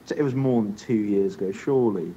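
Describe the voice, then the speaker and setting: A man's voice: quick pace, mellow. A young man co-hosting a podcast, joking and teasing his friend in casual banter. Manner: teasing, jokey, puts on silly voices. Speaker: podcast co-host. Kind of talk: casual chat. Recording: dull distant mic with faint rumble.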